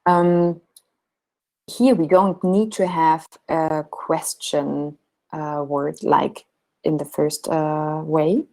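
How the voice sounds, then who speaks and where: A woman's voice: low voice, fairly even intonation, drawn-out words, vocal fry, a little mellow, low-quality recording. A woman teaching a class, patiently explaining and modelling example sentences. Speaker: German teacher. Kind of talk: online language lesson.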